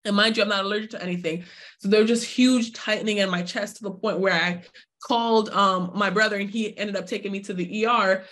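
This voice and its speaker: A woman's voice: mid-range voice, fairly even intonation, fairly quick, fairly bright tone. A woman in her twenties speaking at an online workshop, talking straight to viewers and acting out her own inner voice in quoted asides. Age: 20s. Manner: addresses viewers directly, asks for chat replies. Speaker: summit speaker. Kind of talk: live online workshop talk.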